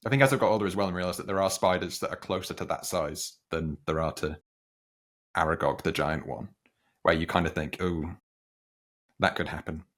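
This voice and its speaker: Young male host, deep voice, rambling, self-correcting. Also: steady tone, brisk, fairly bright tone. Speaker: film podcast host. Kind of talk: casual chat.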